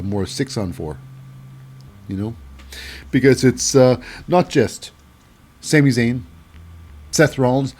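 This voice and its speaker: A man's voice: medium pitch, darkish tone. A man hosting a casual wrestling show recap, rambling with lots of fillers and hyping things up with "baby".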